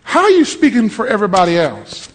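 A preacher man delivering a lively storytelling sermon, acting out voices and rising to shouts. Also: sits high, fast talker. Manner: animated, acts out voices, shouts at peaks. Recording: long hall reverb.

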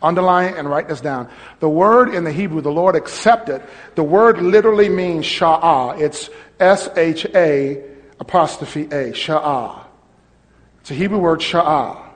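A man pastor preaching a sermon, teaching a congregation and calling out to them, his voice rising to shouts. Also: on the high side, normal speed, in a large hall. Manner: call-and-response preaching, swelling to shouts.

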